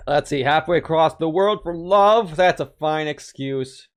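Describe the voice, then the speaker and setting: A man casually commenting on a video game as he plays, joking and animated, often laughing. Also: a little high, slow. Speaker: gaming channel host. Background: faint game music.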